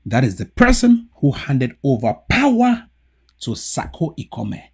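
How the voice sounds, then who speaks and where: Man with a Cameroonian Pidgin accent ranting on politics, husky voice, swings wildly in pitch. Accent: Cameroonian Pidgin English. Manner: switches between loud shouting outbursts and low muttering. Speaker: political commentator. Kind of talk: impassioned political rant. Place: home TV studio setup.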